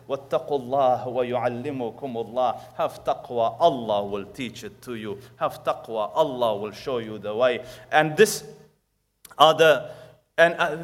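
Guy giving a sermon, storytelling, bit higher voice, gets loud then quiet. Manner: storytelling with acted quotes and recited Arabic verses; swings from loud emphasis to hushed tender asides. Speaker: preacher.

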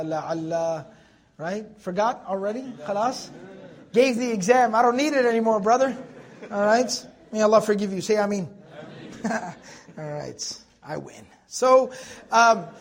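Guy teaching quran class, lively, jokes w students, kinda high pitched voice. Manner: animated, joking with students, repeats words for emphasis. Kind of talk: Quran commentary lesson to a class.

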